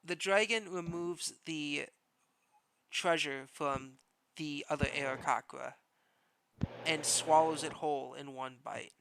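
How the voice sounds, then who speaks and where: A man running a tabletop game as game master, narrating events slowly and deliberately. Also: on the high side, vocal fry, a bit bright, smooth, low-quality recording.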